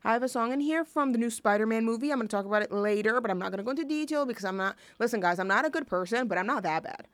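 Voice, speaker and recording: A woman's voice: fairly high pitch, very fast, hardly any pauses, no echo. A young woman hosting a music show in a casual, rambling chat, full of fillers and gushing asides.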